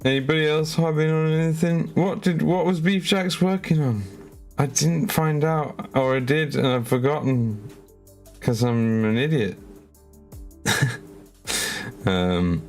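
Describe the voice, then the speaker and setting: A man's voice: mid-range voice, measured pace, faint music behind. A man painting miniatures live on stream, chatting casually with his viewers in a rambling, self-mocking way with stammered repeats.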